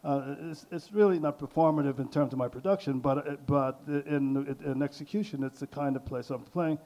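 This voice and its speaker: An older man speaking on a panel, halting and full of restarts and fillers as he works through his thoughts. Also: a little high, mellow, lo-fi sound. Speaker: artist on a panel. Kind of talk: hesitant panel talk.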